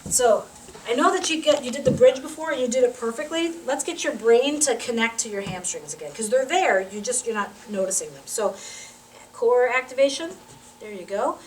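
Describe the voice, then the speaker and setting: A woman, a physical therapy instructor, teaching a live demonstration and coaching a volunteer through an exercise with quick cues and encouragement. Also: a little high, animated, background noise. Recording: roomy sound from a distant mic.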